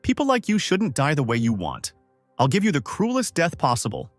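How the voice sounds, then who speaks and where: A man's voice: on the high side, wildly swooping pitch, brisk, no room sound, pitched above the performer's own voice. A spiteful young gamer mocks his old bullies in a raised, gloating voice, voiced by a man narrating a comic recap. The sound is dry and close, with faint music under it. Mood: mocking. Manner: mocking and gloating. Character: scheming young male gamer out for revenge.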